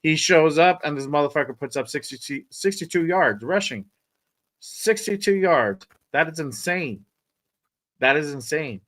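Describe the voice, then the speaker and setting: A man's voice: on the high side, expressive, unhurried, a bit bright. A man hosting a sports podcast, talking in a loose, rambling way, swearing and repeating himself. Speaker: podcast host. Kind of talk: casual sports podcast chat.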